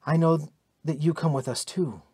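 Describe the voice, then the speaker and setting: A man's voice: fairly high pitch, moderate pace, dark tone, breathy edge, no room sound, studio quality. A man voicing a proud, passionate young warrior princess in an audiobook, earnest and commanding.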